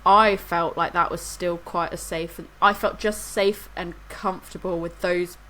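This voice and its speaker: A woman's voice: on the low side, fairly even intonation, measured pace, bright, forceful tone, poor audio. A woman, co-hosting a podcast and telling a rambling story in casual chat. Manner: rambling storyteller, laughs through anecdotes. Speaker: podcast co-host.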